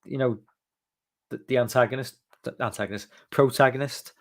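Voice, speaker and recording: Man with a gravelly, creaky voice. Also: medium pitch, steady tone, a little fast. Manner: rambling, loose, swears freely, many fillers. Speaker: livestream podcast host. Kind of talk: casual live-stream chat, reading viewer comments.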